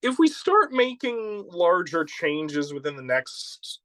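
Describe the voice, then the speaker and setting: A man's voice: high voice, very animated, slow, fairly bright tone, dry recording, low-quality recording. A man hosting a casual chat, rambling and laughing, often restarting his sentences. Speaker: host.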